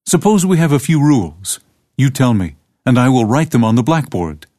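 A man reading the part of a gentle but firm schoolteacher of old, slow and earnest. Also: mid-range voice, very animated, dry recording, studio quality.

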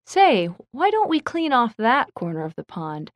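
A woman voicing a calm fair-minded teen boy. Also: a little high, measured pace, no echo, voice pushed up. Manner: calm and even-tempered. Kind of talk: storybook reading.

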